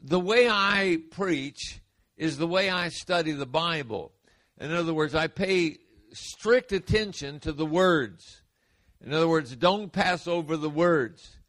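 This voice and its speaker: A man preaching a sermon, emphatic, repeating key words and building to forceful peaks. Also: a little high, takes it slowly, no room sound.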